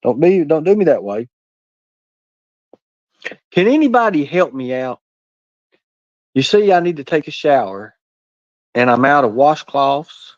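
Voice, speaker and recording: A man's voice: mid-range voice, a little mellow, dry recording. Man rambling on a lo-fi livestream. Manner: rambling, crude joking banter with viewers. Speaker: livestream host reading chat. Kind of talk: casual livestream chat. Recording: dull, dry, lo-fi sound.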